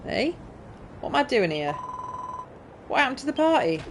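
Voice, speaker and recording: Brief: bubbly game character, read aloud by a woman streamer, raised pitch, exclamatory. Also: sing-song, normal speed, background noise. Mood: exuberant.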